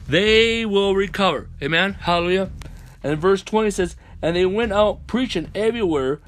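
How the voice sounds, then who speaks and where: A man preaching a sermon over a conference call, dropping in hallelujah and amen between phrases and rising into chanted repeated lines. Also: high voice.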